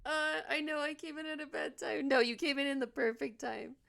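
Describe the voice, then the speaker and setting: A woman's voice: high-pitched, steady tone, a little fast, creaky. A young woman streamer chatting emotionally and explaining a game's story during a live watch party. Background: game music.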